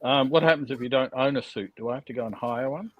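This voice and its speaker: A man's voice: medium pitch, fast, muffled recording. A man chatting casually in a group, rambling and reading out viewer comments.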